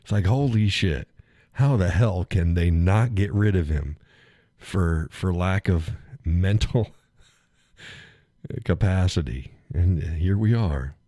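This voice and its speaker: Deep folksy man chatting. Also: animated, slow, dark tone, no room sound, clean studio sound. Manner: rambling, chuckling, folksy. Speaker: live stream host. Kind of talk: casual chat with chat viewers.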